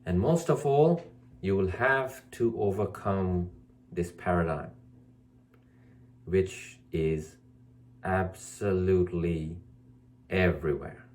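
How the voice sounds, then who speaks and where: A man's voice: slow pace, pauses often, darkish tone. A man speaking as a spiritual teacher in an emphatic, scolding monologue, repeating his points and mocking excuses in a whiny voice. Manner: mocks others in a whiny high voice. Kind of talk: preachy monologue to camera.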